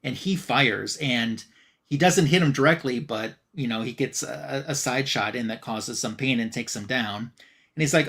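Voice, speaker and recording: A man's voice: medium pitch, moderate pace. Male co-host, mid-range voice, walks through a comic story in a loose, filler-heavy retelling. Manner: retells scenes by reading out dialogue with "she's like"; relaxed, frequent "um" and "uh" fillers. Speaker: podcast co-host reviewing comics. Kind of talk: casual comic recap.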